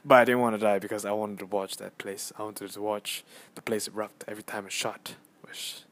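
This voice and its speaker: A young man hosting a casual solo podcast on his phone, rambling and excitable as he tells a story with lots of fillers and restarts. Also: fairly low pitch, fairly quick. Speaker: podcast host.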